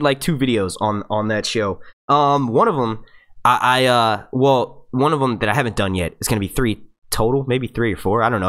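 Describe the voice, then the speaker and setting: Young guy doing a live stream, pitch jumps all over, rambly and swears a lot, middle-pitched voice. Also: a bit bright. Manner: rambling, profane, laughs at his own slips. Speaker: YouTube host. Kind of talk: casual live-stream chat.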